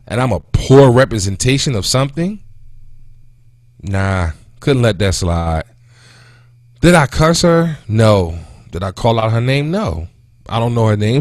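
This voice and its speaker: A man in his thirties hosting a casual talk show, venting in an animated, indignant way about an everyday run-in and then moving on to other topics. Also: no room sound, clean studio sound. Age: 30s. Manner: animated and indignant, with pitch jumping when quoting and venting. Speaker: host. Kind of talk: casual talk radio monologue.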